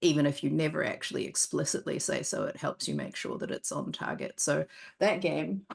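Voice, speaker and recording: Low, gravelly-voiced woman game designer. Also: animated, fairly quick. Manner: candid, rambling storyteller with many restarts. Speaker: board game designer, guest. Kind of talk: casual interview chat. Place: live convention stream set.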